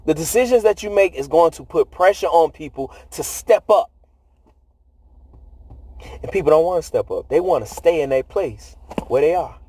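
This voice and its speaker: A man's voice: fairly high pitch, animated, normal speed, pauses often, mellow, a little hiss or hum. A man giving a preachy motivational talk in conversational, slangy speech, laughing often. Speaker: motivational speaker.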